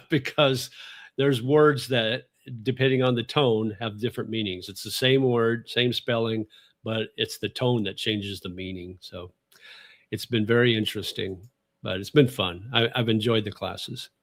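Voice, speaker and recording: A man's voice: mid-range voice, fairly bright tone. A man hosting a casual livestream chat, rambling and self-correcting as he answers viewers, laughing often. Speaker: livestream host.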